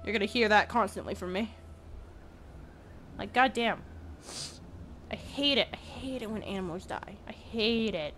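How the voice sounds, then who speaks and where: A woman's voice: medium pitch, moderate pace, long pauses, a bit bright, a little hiss or hum. A woman commenting on a video game as she plays, chatty with exaggerated reactions. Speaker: gameplay streamer. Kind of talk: let's play commentary.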